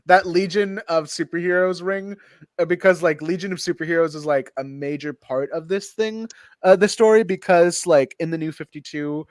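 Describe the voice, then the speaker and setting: Host, male, slightly high voice, dry mic, rambles and laughs a lot in casual chat. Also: steady tone, moderate pace, no room sound. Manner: laughs often, rambling with many fillers. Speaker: podcast host. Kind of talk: casual group chat about comics.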